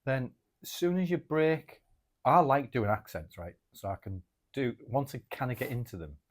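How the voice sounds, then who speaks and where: A man co-hosting a reflective podcast, thinking out loud and often closing his points with rhetorical questions. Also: mid-range voice, animated, moderate pace. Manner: musing, asks rhetorical questions. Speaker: podcast co-host. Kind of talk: reflective casual chat.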